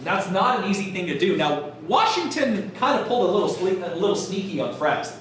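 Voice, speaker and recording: A man's voice: high voice, sing-song, a little fast, fairly bright tone, distant mic, slight background noise. Joking male lecturer in an echoey classroom. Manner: casual and jokey, acting out historical figures. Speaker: college history lecturer. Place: college classroom.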